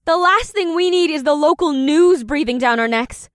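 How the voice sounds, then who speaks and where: A man putting on a bossy, sharp-tongued witch in a storybook, raised high above his own voice. She snaps her lines brisk and commanding, recorded dry and close. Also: no room sound. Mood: demanding. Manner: demanding, brisk.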